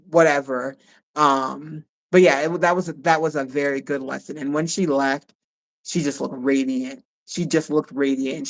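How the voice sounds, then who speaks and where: A woman co-hosting a live stream in a casual chat, who speaks warmly and effusively and often repeats herself. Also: a bass voice, poor audio.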